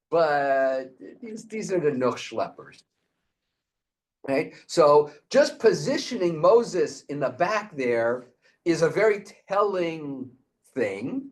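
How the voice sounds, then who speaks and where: A man hosting and teaching, retelling a Talmudic tale as an animated storyteller. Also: fairly high pitch. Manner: animated storyteller, frequent restarts.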